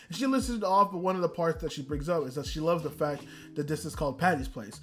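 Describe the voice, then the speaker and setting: A man hosting a casual anime review podcast, ranting with animated, profane energy. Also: sits high, fast, hardly any pauses, soft background music. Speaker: podcast host.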